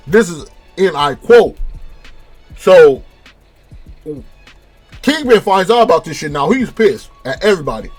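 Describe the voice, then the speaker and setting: A man's voice: sits high, unhurried, long pauses, faint music behind. A young man from California giving a rambling, profanity-heavy casual review of a TV episode. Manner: profane, rambling, animated retelling. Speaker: show reviewer.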